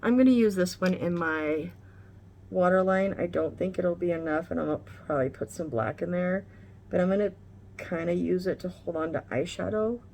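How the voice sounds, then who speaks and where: A woman's voice: lowish voice, normal speed, gravelly, darkish tone, slight background noise. A woman vlogger chatting casually through a makeup tutorial, candid and rambling, swearing now and then.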